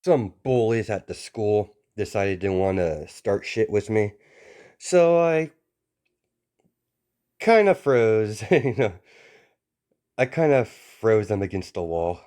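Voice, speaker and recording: A man's voice: lowish voice, very animated, slow pace, pauses often, darkish tone. A man voicing a cocky teenage boy who talks in a casual, laid-back, sheepish way, in an amateur fan story.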